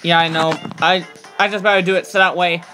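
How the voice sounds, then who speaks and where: A man's voice: high-pitched, level tone, fairly quick, sharp tone, faint music behind. A man streaming live, talking casually in a hesitant, apologetic, rambling way.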